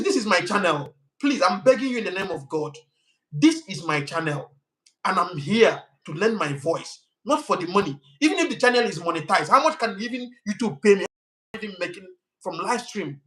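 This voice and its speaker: A man's voice: high voice, expressive, normal speed, fairly bright tone, rough recording. A young Nigerian man with a Nigerian accent hosting a live stream, talking passionately with many restarts and heated outbursts at commenters.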